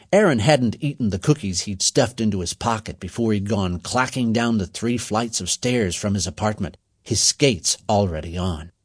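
A male storyteller with a husky voice and a very lively, animated pitch that rises and falls through each sentence. He reads in a measured, expressive way. The sound is dry and close, with no room around it. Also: dry recording. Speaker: narrator. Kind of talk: storybook reading.

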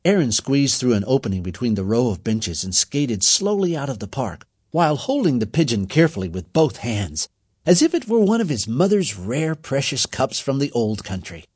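A male storyteller with a husky voice and a very lively, animated pitch that rises and falls through each sentence. He reads in a measured, expressive way. The sound is dry and close, with no room around it. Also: no room sound. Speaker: narrator. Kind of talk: storybook reading.

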